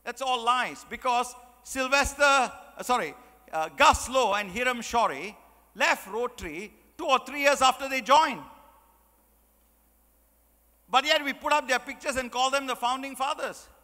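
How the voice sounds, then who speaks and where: A man's voice: extremely high pitch, normal speed, sharp tone. A man giving an emphatic motivational speech as a guest speaker, repeating key phrases and asking the audience rhetorical questions. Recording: long hall reverb.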